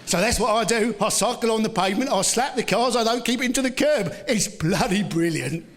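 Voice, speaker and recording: Brief: British male comic, high voice, sardonic delivery, lots of tag questions, some shouting, faint background noise. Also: a little fast. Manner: sarcastic, punchy, full of rhetorical tag questions; shouty bursts mocking a bigoted motorist. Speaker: stand-up comedian. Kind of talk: live stand-up routine. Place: live comedy venue.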